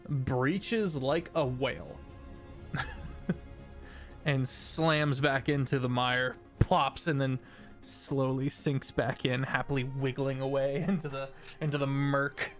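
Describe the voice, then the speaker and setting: A man narrating a tabletop game as game master, unhurried and full of fillers. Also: mid-range voice, fairly even intonation, faint music behind. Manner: unhurried, hesitant with many fillers.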